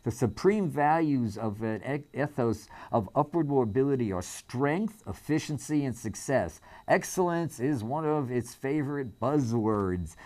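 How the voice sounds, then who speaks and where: A man's voice: mid-range voice, expressive, unhurried, few pauses, a little mellow. Man reading aloud with offhand asides. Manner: reads aloud with asides, fillers and restarts. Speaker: host reading aloud and commenting. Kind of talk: casual spoken commentary on a reading.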